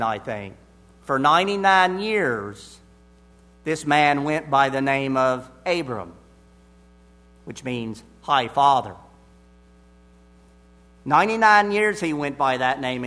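A man preaching an expository sermon, deliberate and emphatic, repeating his key phrases. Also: fairly high pitch, sharp tone.

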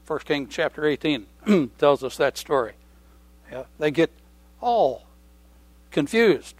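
A middle-aged man preaching a sermon in a conversational way, repeating key phrases and often clearing his throat. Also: fairly high pitch, expressive, slow pace, no room sound.

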